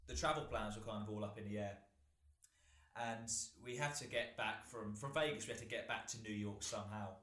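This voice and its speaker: A man's voice: lowish voice, a little fast, a bit bright. A British man in his twenties, co-hosting a podcast and telling a long story in a rambling way with frequent laughter. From Britain. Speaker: podcast co-host. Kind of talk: casual chat, anecdote telling. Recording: roomy echo.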